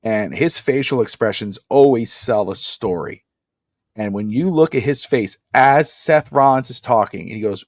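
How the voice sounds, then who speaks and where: Man, podcast co-host, casual wrestling chat, animated, mid-pitched, dry close mic. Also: brisk, dry recording. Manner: animated, acts out wrestlers' lines with shouted bursts. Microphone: podcast mic on a live stream.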